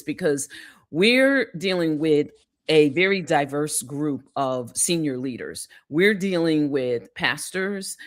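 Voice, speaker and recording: Woman, leadership coach, slow delivery, lots of ums and uhs. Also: low voice. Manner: many fillers, bursts then slows. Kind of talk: casual panel talk.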